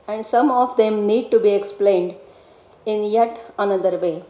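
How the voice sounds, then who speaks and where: A woman's voice: medium pitch, a little mellow, muffled recording. Woman reading a scholarly lecture, echoey hall. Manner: measured, deliberate delivery with careful pronunciation of Sanskrit terms. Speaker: scholar presenting a paper. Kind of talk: read academic lecture.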